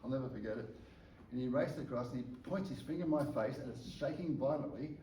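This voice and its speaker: A man preaching through a personal testimony, an animated storyteller who stumbles and repeats words. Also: mid-range voice, fast, slight background noise. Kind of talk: storytelling sermon. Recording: echoey room, distant mic, faint ambience.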